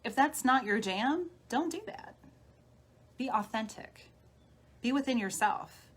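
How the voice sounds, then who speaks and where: Woman, spiritual healer, live-streamed talk, gentle guiding manner, coaching tone. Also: fairly high pitch, lively intonation, unhurried. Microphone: phone or webcam on a live stream.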